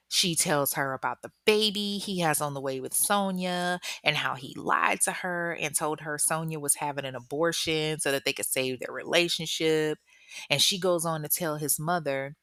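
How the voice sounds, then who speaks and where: A young woman, hosting a true-crime podcast, tells the story in casual, animated, joking talk and acts out the quotes. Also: moderate pace, no echo, studio quality. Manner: animated and joking, acts out quotes with big pitch jumps, laughs often.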